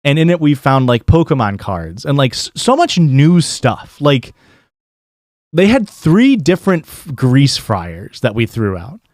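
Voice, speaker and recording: A man's voice: mid-range voice, big pitch swings, measured pace, a little mellow, no room sound, studio quality. A male streamer telling a long story in a casual, rambling way, with plenty of swearing and filler words. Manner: rambling, profane, lots of likes and restarts.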